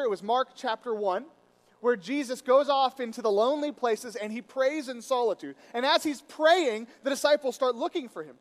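A man with a notably high voice preaches a sermon. He tells stories with animated quoted voices, then sinks to a quiet, intimate tone when he turns reflective. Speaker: pastor.

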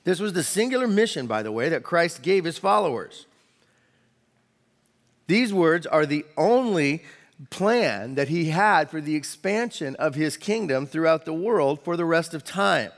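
Conversational pastor preaching in a hall. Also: male voice, fairly high pitch, lively intonation. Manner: conversational, quick asides with restarts. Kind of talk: sermon. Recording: long hall reverb.

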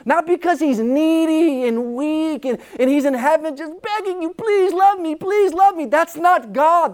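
A youth preacher giving an impassioned sermon straight to students, repeating key phrases and asking questions. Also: medium pitch. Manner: talks directly to the listeners, with questions.

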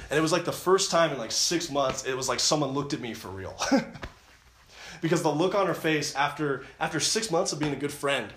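A man's voice: a little high, fairly bright tone, a little hiss or hum. A man giving an earnest personal testimony at a camp, retelling his story with many restarts and repeated phrases. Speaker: camp speaker. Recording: roomy echo.

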